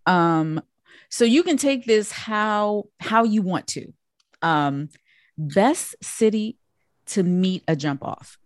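Animated woman hosting a chat. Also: medium pitch, slow, dry recording, studio quality. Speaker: host. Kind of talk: casual chat.

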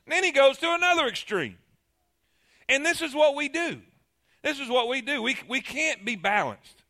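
High, bright-voiced preacher man. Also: moderate pace. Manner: animated preaching, repeats phrases, many fillers and restarts. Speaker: pastor. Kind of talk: sermon. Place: church sanctuary.

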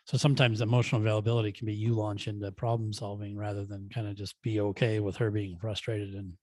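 Lowish voiced podcast guy, kinda hesitant, soft, dry mic. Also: little pitch movement, fast, dry recording. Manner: hesitant, soft-spoken, with restarts. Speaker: podcast co-host, therapist. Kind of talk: casual conversation.

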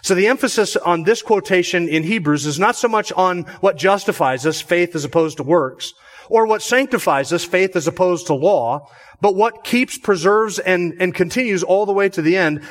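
A man preaching a measured expository sermon as pastor. He repeats phrases for emphasis and lifts his voice on key words. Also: high-pitched.

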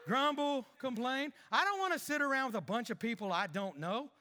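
A man's voice: very high-pitched, lively intonation, fairly quick, pushed and bright, big-room sound, a little hiss or hum, full character voice. A man acting out a petty, grumbling married churchgoer who mutters complaints under his breath and puts on fake cheer for others, in a comic sermon skit.

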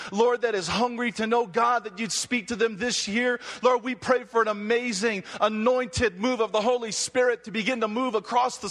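In a high, fairly bright voice, a man preaches and prays fervently before a live audience in a large hall, joking and stirring up the crowd. His energetic sermon carries a long hall reverb.

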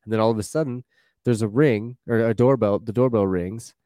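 A man's voice: lowish voice, brisk, dry recording, clean studio sound. A man chatting casually about a TV series, retelling scenes and acting out lines. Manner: animated, acts out quotes from scenes. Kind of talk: casual chat about a TV show.

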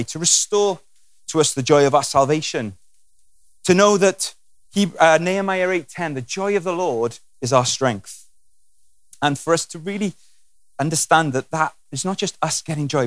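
A man's voice: fairly high pitch, dry recording. A man preaching a sermon with humour, acting out scenes and voices as he goes. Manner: animated and humorous, acting out scenes.

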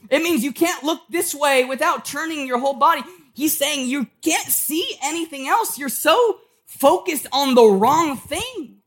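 Animated, conversational male preacher. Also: extremely high pitch, normal speed. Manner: conversational preaching, acts out quoted voices. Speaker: pastor. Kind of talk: sermon. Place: church.

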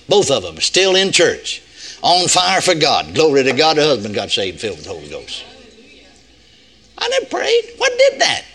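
An older man preaches and tells a story in a folksy, emphatic way, repeating his key points. His voice sits fairly high and swings widely in pitch. His tone is bright and forceful. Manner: animated, folksy, emphatic repetition. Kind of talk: storytelling sermon.

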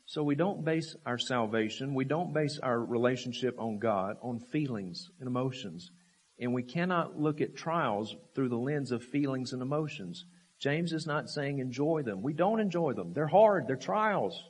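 A man preaching a sermon, emphatic and full of rhetorical questions, repeating key phrases and swinging from raised, forceful lines to low, quiet ones. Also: normal speed, breathy edge.

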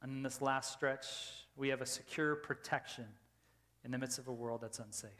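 A man in his thirties preaching a sermon as pastor, telling a casual everyday story, swinging between loud emphasis and hushed tones. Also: medium pitch, fairly even intonation, moderate pace. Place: church sanctuary. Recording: reverberant church hall.

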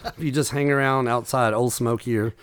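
A man's voice: mid-range voice, fairly quick, clean tone, no room sound. A man, a comedian and author, telling funny stories in a casual chat and acting out the people in them. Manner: animated storyteller, acts out quoted voices.

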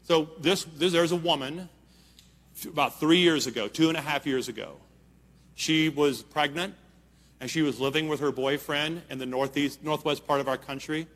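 Earnest bright-voiced male preacher in a hall. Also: fairly high pitch, moderate pace. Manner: earnest, emphatic, checks in with listeners. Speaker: pastor. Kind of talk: sermon storytelling. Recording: long hall reverb.

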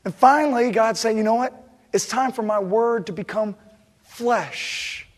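Male pastor, 30s, preaching a sermon, a touch high-pitched, quiet musing rising to loud fervor, long church-hall reverb. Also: a little slow. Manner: builds from quiet reflection to loud impassioned preaching.

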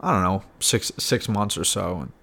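A young man with a low-pitched voice recounts his own past in a loose, candid podcast style. He talks frankly, leans on fillers and now and then swears casually. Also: animated, moderate pace, gravelly, sharp tone, husky. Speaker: podcast guest sharing his recovery story. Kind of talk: candid personal storytelling.

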